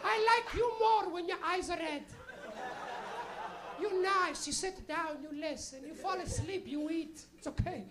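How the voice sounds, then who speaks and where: A woman's voice: very high-pitched, a little slow, a crowd in the background, noisy background, pitched above the performer's own voice. A man voicing a tiny Portuguese immigrant mother with a Portuguese accent, nagging in broken English in a stand-up bit. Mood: coaxing. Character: tiny scolding immigrant mother, middle-aged. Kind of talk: stand-up comedy impression.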